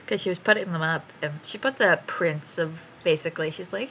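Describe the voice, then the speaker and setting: A woman's voice: medium pitch, expressive, fast, few pauses, bright, forceful tone, dull audio, a little hiss or hum. A young woman chatting casually while she draws on stream, swearing freely and laughing often as she tells stories. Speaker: art streamer.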